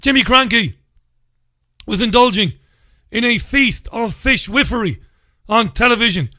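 A male radio host chats on his own and reads listener comments in a blunt, sardonic way. His voice sits high and sounds bright and forward. The studio sound is dry and close. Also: expressive, unhurried, dry recording. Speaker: radio talk show host. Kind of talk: casual solo radio chat reading listener comments.

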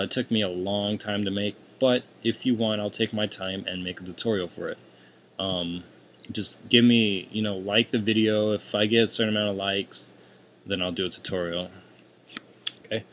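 Rambling young man, low voice, cursing. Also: a bit bright, slight background noise. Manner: loose, rambling and profane, grumbling asides. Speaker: tutorial host. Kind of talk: casual screen-recorded software tutorial. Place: hot room at home.

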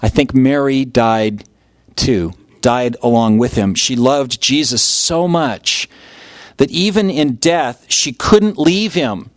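A man's voice: medium pitch, takes it slowly, no room sound, clean studio sound. A man preaching a sermon as pastor, telling the story vividly and acting out the voices of its people. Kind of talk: expository sermon.

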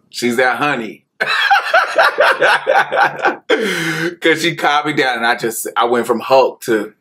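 A woman podcast host telling a personal story, animated and profane, laughing often as she talks. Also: sits low, extremely slow, pauses often.

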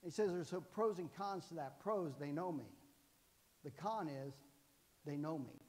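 A man's voice: fairly high pitch, unhurried, a little mellow. Folksy older man preaching in a reverberant hall. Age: 60s. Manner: folksy, jokey storytelling with frequent "amen". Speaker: guest preacher. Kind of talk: sermon. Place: church sanctuary.

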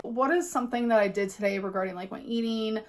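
A woman's voice: a little high, quick pace, loud music behind the voice. Chatty young woman food vlogger. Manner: chatty, upbeat, valley-girl lilt. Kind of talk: casual vlog talk.

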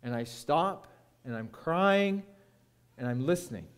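Guy preaching, highish voice, storytelling sermon, goes quiet for effect. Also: expressive, measured pace, clean tone. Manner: dramatic storytelling, dropping to a hushed voice at key moments. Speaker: guest preacher.

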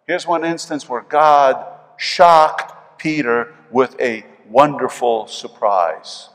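Older New York pastor preaching. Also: male voice, mid-range voice, expressive, measured pace. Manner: dynamic preaching, swings between loud emphasis and soft asides. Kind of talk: sermon. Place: church sanctuary. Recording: long reverb of a church hall.

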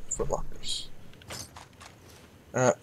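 Speaking very slowly over a faint hiss or hum, a man hosts a casual let's-play. He keeps up wry asides and talks back to the characters in the game.

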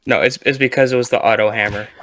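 A man in a casual gaming chat, telling a long joke with playful, loud quoted lines. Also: medium pitch, fairly even intonation, fast talker. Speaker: co-host.

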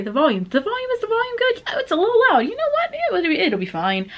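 Excitable high-voiced woman reacting. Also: quick pace, dull audio. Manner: excitable, gushing, full of exclamations and "like". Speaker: reaction video host. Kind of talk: casual reaction commentary. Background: the reacted-to music video playing faintly.

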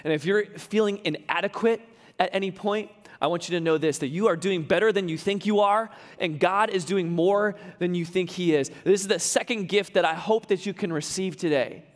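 A man's voice: high voice, normal speed, big-room sound. A man preaching a sermon as pastor, talking conversationally and adding humorous asides. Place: large church hall.

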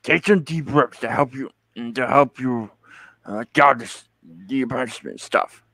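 A man chatting casually with friends. His voice is gravelly and bright, and he speaks haltingly, often starting over. The sound is dry and close. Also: mid-range voice, no echo. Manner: halting, with many restarts. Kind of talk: casual group chat.

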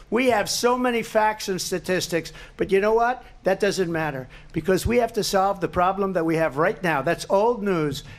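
A man answering at a presidential debate, emphatic, repetitive and rambling. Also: high voice.

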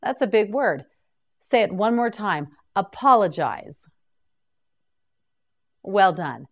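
Slow, lively-voiced woman teaching vocabulary. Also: medium pitch. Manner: slow, deliberate repeat-after-me drilling. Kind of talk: slow drilled vocabulary lesson.

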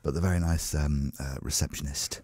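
A man's voice: very deep voice, steady tone, a little fast, a little mellow, no room sound. A middle-aged man chatting as a guest in a radio studio, telling anecdotes with a chuckle. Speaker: guest impressionist. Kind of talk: radio interview chat. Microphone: studio microphone.

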